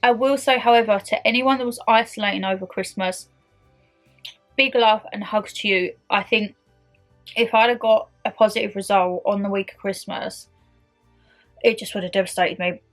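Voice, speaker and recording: A woman's voice: mid-range voice, fairly even intonation, normal speed, soft background music. A woman in her twenties chatting casually to camera in a year-end vlog, bubbly and friendly, calling her viewers "my lovelies". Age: 20s. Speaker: YouTuber.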